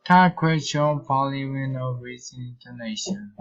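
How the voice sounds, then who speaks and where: A man with a Colombian Spanish accent, reading English intonation practice sentences aloud in a slow, deliberate way. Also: mid-range voice, muffled recording, faint music behind. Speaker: English learner.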